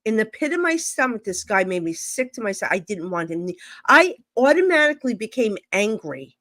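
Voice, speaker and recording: A woman psychic medium telling stories casually on a live stream video call, blunt and animated, acting out both sides of each exchange. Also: mid-range voice, brisk, no echo.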